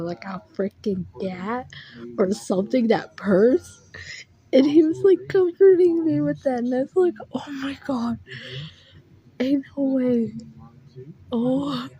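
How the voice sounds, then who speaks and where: Slow, mellow-voiced young woman rambling. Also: medium pitch, low-quality recording. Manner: rambling, heavy use of "like", frequent restarts; emotional, recounting dreams. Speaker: vlogger. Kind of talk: casual storytelling.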